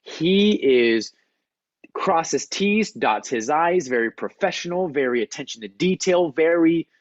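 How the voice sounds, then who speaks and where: Animated male coach telling a story. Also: on the high side, measured pace, no room sound, dull audio. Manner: storytelling, animated, acts out quotes. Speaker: performance coach, guest speaker. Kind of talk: motivational talk on a video call. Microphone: video call.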